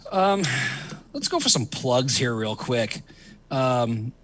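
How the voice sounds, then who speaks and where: A middle-aged man hosts a casual comedy talk show. He rambles with plenty of ums and uhs and laughs easily, and his pitch swings widely from line to line. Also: big pitch swings, slow, a bit bright. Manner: rambling, laughs often, many fillers. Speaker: host. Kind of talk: casual chat.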